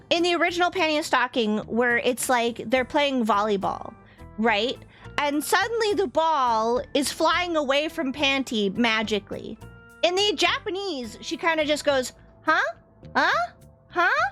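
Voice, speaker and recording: A young woman chats with her stream viewers in a high voice that leaps up and down all the time. She is animated and laughs often, and faint game music plays softly behind her. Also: measured pace. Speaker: vtuber streamer. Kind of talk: casual livestream chat.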